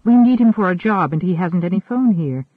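A woman's voice: lowish voice, animated, brisk, no echo. A man voicing an earnest, tired woman who leads a community group, speaking urgently and apologetically. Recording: narrow phone-like sound.

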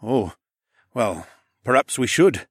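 A man's voice: mid-range voice, lively intonation, takes it slowly, husky, dry recording, studio quality. A man reading an audiobook, voicing a polite, flustered middle-aged man. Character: bewildered, well-groomed middle-aged man. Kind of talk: audiobook narration.

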